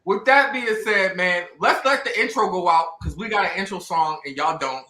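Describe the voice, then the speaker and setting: A man's voice: high-pitched, normal speed, bright, forceful tone, reverberant, rough recording. A man hosting a livestream, talking loosely and profanely and laughing with friends in the room. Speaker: livestream host. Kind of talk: casual livestream chat.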